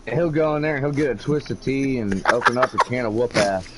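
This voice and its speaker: A man's voice: medium pitch, fairly quick, very noisy. A man co-commentating an online race in a loose, rambling way with crude jokes. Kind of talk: casual sim-racing commentary.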